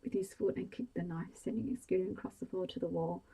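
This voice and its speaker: Woman, whispered bedtime story, husky breathy voice, gravelly fry, mellow. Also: on the low side, quick pace, rough recording. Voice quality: soft whispery delivery. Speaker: audiobook reader.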